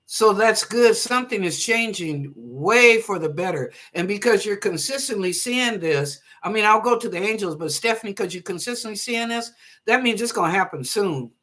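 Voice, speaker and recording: A woman hosts a live psychic reading show in a crisp, bright voice. She reads each viewer's question aloud and answers in a relaxed, chatty way. She laughs easily and offers blessings to her callers. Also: mid-range voice, moderate pace. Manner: reads chat questions aloud then interprets them. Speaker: psychic reader and show host.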